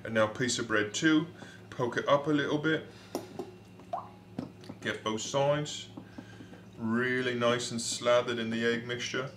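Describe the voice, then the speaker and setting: A man with a put-on London accent, casually talking through a recipe he is cooking, rambling and playful with many pauses and ums. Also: mid-range voice, fairly even intonation, reverberant, noisy background.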